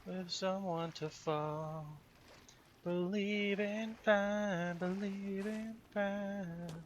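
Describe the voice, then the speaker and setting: A man's voice: sits high, steady tone, very slow. Swearing man muttering over gameplay. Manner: profane, rambling, muttering to himself. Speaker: let's play host. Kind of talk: casual gameplay commentary. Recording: noisy gameplay recording.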